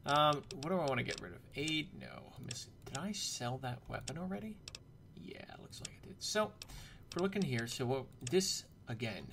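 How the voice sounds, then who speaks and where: Male gameplay commentator, chatty and joking, gravelly, very lively intonation. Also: medium pitch, normal speed, noisy background. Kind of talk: casual let's-play commentary.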